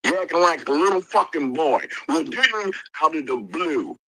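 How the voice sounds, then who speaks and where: A man's voice: on the high side, animated, normal speed, sharp tone, poor audio. A man arguing furiously on a livestream call, cursing and repeating insults over and over. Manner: angry, profane, repeats insults. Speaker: livestream participant. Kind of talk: heated livestream argument. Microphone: streaming call mic.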